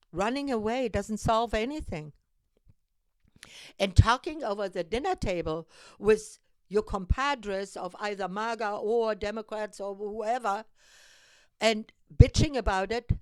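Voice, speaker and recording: On her own civic show, a woman from Europe urges her audience to get engaged in an impassioned direct-to-camera monologue, urgent and exhorting, with emphatic repetitions. Her voice is on the high side, smooth and unhurried. The recording is dry.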